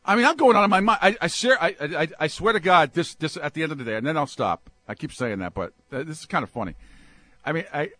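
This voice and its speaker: Brief: high, bright-voiced male host on a comic rant, dry close sound. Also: fast, dry recording. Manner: exasperated, animated, swings from mutters to yelps. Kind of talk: comic ranting monologue.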